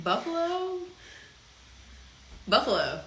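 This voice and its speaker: Bright-voiced woman chatting on a live stream. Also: high-pitched, very animated, slow, echoey room, low-quality recording. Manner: laughs often, playful. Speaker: vlogger co-host. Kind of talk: casual live-stream chat.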